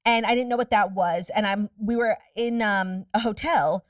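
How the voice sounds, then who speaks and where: A woman's voice: medium pitch, fairly even intonation, no room sound, studio quality, recorded from a distance. Candid, profane woman on a podcast. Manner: candid, profane, rapid storytelling. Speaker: podcast guest. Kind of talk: casual podcast chat.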